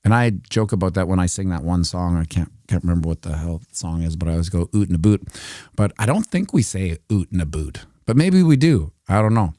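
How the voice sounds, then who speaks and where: A man's voice: low voice, animated, quick pace, few pauses, dark tone, no echo, studio quality. A Canadian man giving casual, rambling commentary on crypto price charts during a livestream, with jokey asides.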